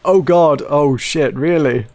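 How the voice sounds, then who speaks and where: Chatting casually about video games, this podcast host rambles, laughs, and swears his way through the conversation. He speaks slowly in a voice on the high side with a somewhat dark tone.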